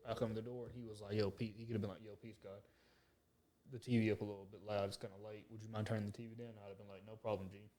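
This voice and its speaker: A fairly low-pitched man talks rapid-fire on a very noisy recording. He's a podcast co-host sharing a story through casual, profane conversation, animatedly acting out what people said.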